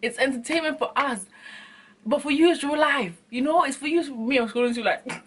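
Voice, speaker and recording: A woman chatting casually to camera in an animated, dramatic way, often laughing and repeating herself. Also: high-pitched, brisk, breathy edge. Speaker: vlogger.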